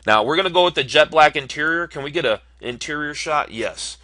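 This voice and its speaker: While clicking through options to build a car online, a man thinks aloud in casual screen-recorded commentary, full of ums and uhs. His voice is a little high and brisk, with lively intonation and a sharp tone, and there's no echo.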